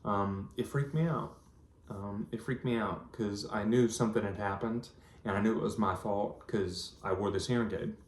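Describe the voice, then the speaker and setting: Man, 30s, deep-ish, casual vlog talk, roomy echo. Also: slight background noise. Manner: earnest, rambling storytelling with many ums. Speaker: vlogger. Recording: echoey room.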